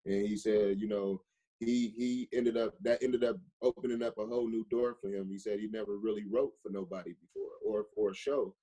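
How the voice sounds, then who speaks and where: A laid-back man from Chicago speaks as an interview guest. His voice is husky and a little low. His talk is loose and full of "you know" and "like". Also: steady tone, brisk, warm tone. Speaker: interview guest, designer and podcaster. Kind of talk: casual interview chat.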